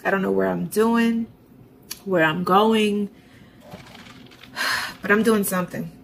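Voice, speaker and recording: A woman's voice: medium pitch, slow pace, a little hiss or hum, poor audio. A woman vlogger narrating her budgeting and bill transfers in a chatty, self-talking way, with sarcastic asides. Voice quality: gravelly vocal fry. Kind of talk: casual narration of online banking.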